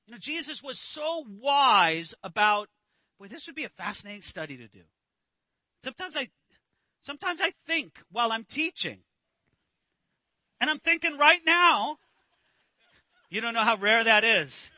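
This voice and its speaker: Animated high-voiced preacher. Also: male voice, moderate pace, long pauses, dry recording. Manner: animated, acts out disciples' voices, restarts. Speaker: pastor. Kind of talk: sermon.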